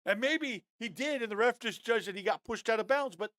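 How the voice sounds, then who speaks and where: A man breaking down football game film on a live stream, animated and fired up, talking straight to his viewers. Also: extremely high pitch, fairly quick, dry recording, clean studio sound. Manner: addresses viewers as guys, often adds okay.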